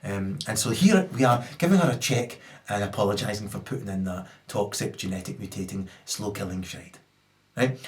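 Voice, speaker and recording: A Scottish man delivering a profane stand-up rant, swinging between muttered asides and loud outbursts. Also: lowish voice, a little fast. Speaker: stand-up comedian.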